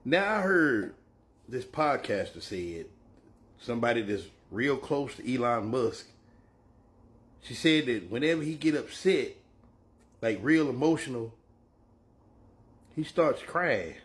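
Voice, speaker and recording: A man's voice: medium pitch, lively intonation, takes it slowly, long pauses, a bit bright. A man ranting casually in a profane, boastful way. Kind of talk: casual rant.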